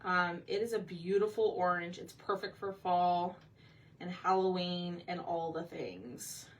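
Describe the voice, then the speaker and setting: Bright-voiced woman painting live. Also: on the low side. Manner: chatty, thinks aloud, asks viewers for input. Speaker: craft painting host. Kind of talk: casual live painting chat. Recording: slightly distant mic with faint background noise.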